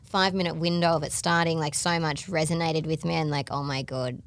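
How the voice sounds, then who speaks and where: An Australian woman co-hosting a podcast, talking in a chatty, quick way full of "like" and laughs. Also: deep voice, fairly even intonation. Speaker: podcast co-host. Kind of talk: casual chat.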